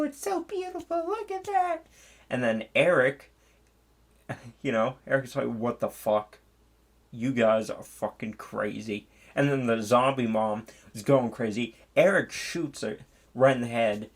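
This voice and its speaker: A man giving a casual spoken movie review, rambling and swearing, with many fillers and restarts. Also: medium pitch.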